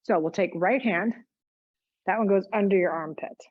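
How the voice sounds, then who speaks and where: A woman's voice: medium pitch, moderate pace, dry recording, highs cut off. A woman teaching a yoga class, cueing each move with chatty, joking asides. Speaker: yoga instructor. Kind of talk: guided exercise class instruction.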